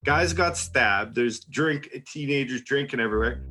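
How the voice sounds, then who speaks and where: A man's voice: a little high, lively intonation, a little slow, hardly any pauses, pushed and bright. A young man telling a wild story in casual chat, swearing, laughing and acting out what people said. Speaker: podcast host telling a story.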